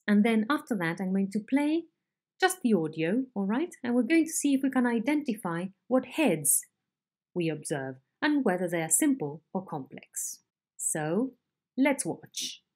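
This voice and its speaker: A woman teaches phonetics in a recorded lesson, her mellow voice rising and falling widely as she models intonation. She speaks slowly and deliberately, spelling out each point. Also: mid-range voice. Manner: slow, deliberate explanations with modelled intonation examples. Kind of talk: recorded online lecture.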